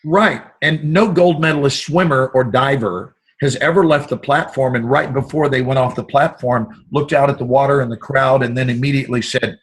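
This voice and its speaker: A middle-aged man talking as an interview guest, expansive and animated, acting out the voices he quotes. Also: mid-range voice, normal speed, few pauses, slightly rough. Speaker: guest actor. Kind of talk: motivational storytelling.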